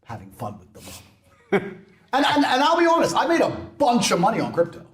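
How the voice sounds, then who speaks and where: Brash mocking man, lively high voice. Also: moderate pace. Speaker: internet personality. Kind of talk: ranting monologue.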